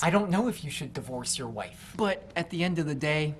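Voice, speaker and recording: A young man who works in a shoe store, telling work stories in a casual vlog. He is animated and swears freely, and he acts out what people said. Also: a little high, fairly quick, few pauses, a little hiss or hum. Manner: animated, profane, acts out quoted lines. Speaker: retail shoe store worker.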